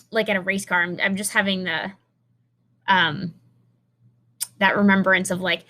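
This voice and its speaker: A woman's voice: medium pitch, pushed and bright. A young adult woman teacher giving a recorded science lesson, talking in a chatty way and explaining with restarts and fillers.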